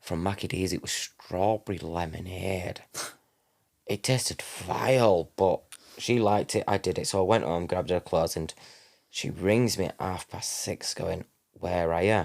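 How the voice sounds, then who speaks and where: Low-voiced man telling a story. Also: a little slow, vocal fry, darkish tone. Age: 30s. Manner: rambling, self-correcting, acts out quoted dialogue. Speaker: guest. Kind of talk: personal storytelling.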